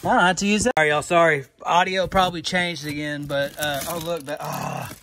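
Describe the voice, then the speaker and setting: A man chatting casually as he digs through boxes of finds, rambling and easily excited, recorded on a phone. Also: a little high, fairly quick, creaky. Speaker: vlogger digging through resale finds. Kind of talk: casual running commentary. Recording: phone recording with loud clicking and handling noise.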